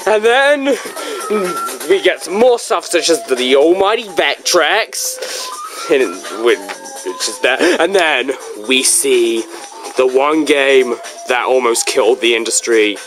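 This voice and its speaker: A video reviewer talking casually through a book, in a rambling, joking manner with big swings in pitch. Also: animated, slow pace, music in the background.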